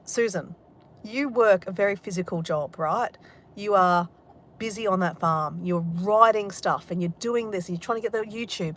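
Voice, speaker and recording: Woman vlogger, mid-range voice, open and emotional, casual swearing, talking from a car. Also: medium pitch. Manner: candid, emotional, swears freely. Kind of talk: casual talk to camera.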